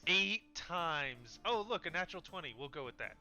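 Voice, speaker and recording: A man playing in a tabletop game, chatting casually in a slow, laid-back, joking way. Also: fairly high pitch, expressive, sharp tone, faint music behind. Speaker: player. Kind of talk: casual chat.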